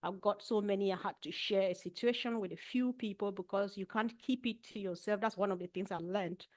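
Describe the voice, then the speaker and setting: A woman on a panel tells her own story candidly and reflectively, often restarting a sentence before she finds her words. Her voice sits at a middle pitch and sounds close and dry, with no room echo. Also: a little fast. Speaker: panel speaker. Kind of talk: personal testimony on an online panel.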